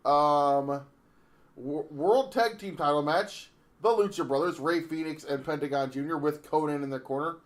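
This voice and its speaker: A man's voice: on the high side, moderate pace. A man co-hosting a casual wrestling podcast, rambling through the card with lots of fillers and easy laughs. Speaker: podcast co-host.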